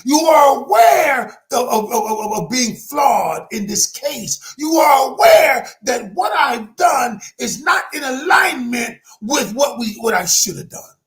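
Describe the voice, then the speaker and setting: A man's voice: very high voice, big pitch swings, takes it slowly, hardly any pauses, fairly bright tone, shouting. A man speaking as a communication coach, teaching in an emphatic, preacher-like motivational style, often raising his voice.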